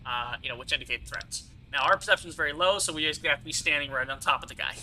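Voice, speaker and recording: A man's voice: on the high side, quick pace, pushed and bright, a little hiss or hum, rough recording. A young man casually commentating his playthrough of a video game, chatty and explaining the mechanics with plenty of fillers and asides. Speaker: gaming streamer. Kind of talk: casual let's-play commentary.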